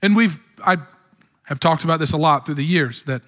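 A man's voice: on the high side, fairly quick, fairly bright tone. A man preaching a sermon as pastor, with impassioned delivery that climbs to exclamations. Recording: long hall reverb.

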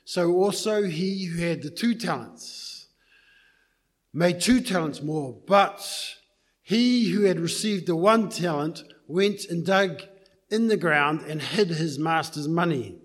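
A man preaching a sermon, telling a story in a loose, conversational way before praying and reading scripture. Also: fairly high pitch.

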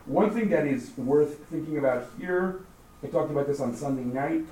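A man leading a text study class, lively and questioning, thinking aloud as he explains. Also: fairly high pitch, moderate pace. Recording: roomy, far from the mic, faint noise.

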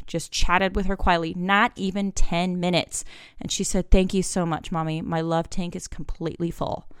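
A woman in her forties talks through a solo podcast with a smooth, clear voice that sits a little low. The sound is dry and close, with no room around it. She is chatty and candid, and she slips into quick acted-out bits of dialogue with her kids. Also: no room sound. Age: 40s. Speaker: podcast host.

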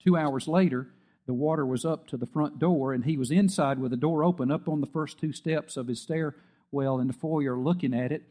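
A man's voice: a little high, normal speed, mellow. A middle-aged man preaching a sermon as pastor, telling stories with acted-out quotes and emphatic peaks.

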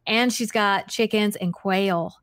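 A woman chats casually on a livestream, reading out viewers' questions and answering in a warm, rambling way. She laughs often, stumbles and restarts her sentences, and pokes fun at herself. Her voice sits at a middle pitch, recorded close and dry with no room sound. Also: fairly even intonation, takes it slowly, dry recording. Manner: chatty, giggly, self-deprecating, many fillers and restarts. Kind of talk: casual live chat.

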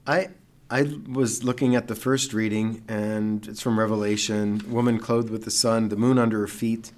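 A middle-aged man, a priest, co-hosting a casual talk show with a relaxed, jokey way of telling stories. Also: on the low side, moderate pace. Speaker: priest and co-host. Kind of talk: casual chat.

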